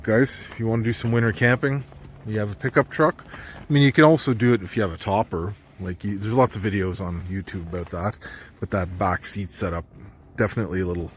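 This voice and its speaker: A man's voice: on the low side, a little hiss or hum. Laid-back man vlogging outdoors. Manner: laid-back, chatty, jokey. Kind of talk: casual camping vlog. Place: snowy riverside campsite outdoors.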